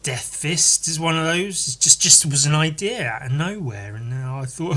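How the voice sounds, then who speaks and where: Solo podcast host, a man with a bright, slightly high voice, rambling and animated. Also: normal speed. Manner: rambling, full of fillers and restarts, animated.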